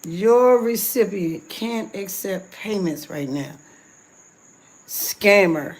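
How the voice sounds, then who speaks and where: A woman's voice: medium pitch, animated, slow. A woman ranting on a livestream, furious and profane, venting at people she says scammed her. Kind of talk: angry livestream rant.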